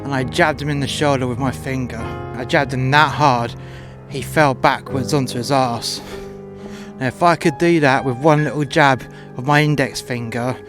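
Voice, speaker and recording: A man recounts a story in a blunt, foul-mouthed, heated way. His voice sits at an ordinary middle pitch, and clear guitar music plays under the narration. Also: fairly even intonation, normal speed. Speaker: storyteller, former doorman. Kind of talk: profane personal anecdote.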